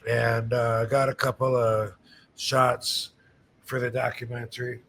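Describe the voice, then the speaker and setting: A man's voice: mid-range voice, unhurried, slight background noise. Laid-back man telling rambling stories. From USA, Michigan. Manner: relaxed, rambling storytelling with many fillers. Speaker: podcast host, wrestler. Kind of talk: casual chat.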